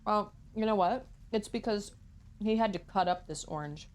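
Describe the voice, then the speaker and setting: A woman's voice: medium pitch, moderate pace. A woman streamer chatting casually and thinking aloud while she plays a game. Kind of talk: casual gameplay chat.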